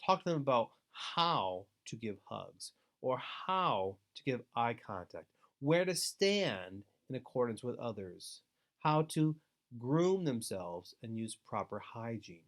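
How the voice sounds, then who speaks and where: A man giving an instructional webinar talk to foster parents, earnest and deliberate, with steady advising emphasis. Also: mid-range voice. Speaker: foster care trainer.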